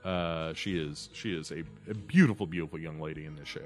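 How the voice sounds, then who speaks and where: A man's voice: very deep voice, a little fast, soft background music. A man, recapping a TV episode in a casual podcast chat, rambling with many fillers. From United States. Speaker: podcast co-host.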